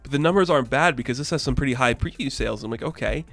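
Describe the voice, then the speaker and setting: A man's voice: mid-range voice, racing, fairly bright tone, dry recording, soft background music. A young man giving a casual, enthusiastic and rambling video review as the channel host. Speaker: comic book reviewer.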